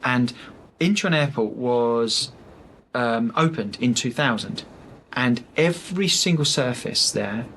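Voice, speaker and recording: A man talks as a podcast guest, chatty and full of stories, with lots of "um"s and false starts as he explains a product he sells. His voice sits at a middle pitch. A faint hiss sits under the recording. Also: expressive, slow, fairly bright tone. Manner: chatty storyteller, many fillers and restarts. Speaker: sales rep for architectural film, podcast guest. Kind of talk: casual podcast interview.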